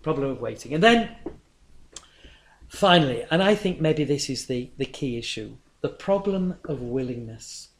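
A man delivers a sermon as if telling a story in conversation. His voice is medium-pitched with lively intonation, at a normal speed.

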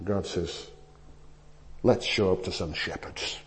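A man preaching a sermon, telling stories with animated swings between loud emphasis and hushed asides. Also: deep voice, takes it slowly. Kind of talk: sermon with anecdotes.

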